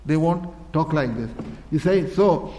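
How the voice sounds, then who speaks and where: A man giving a spiritual discourse, repeating points, posing rhetorical questions and often clearing his throat. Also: on the high side, animated, unhurried, warm tone, a little hiss or hum. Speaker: spiritual teacher. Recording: echoey hall with long reverb.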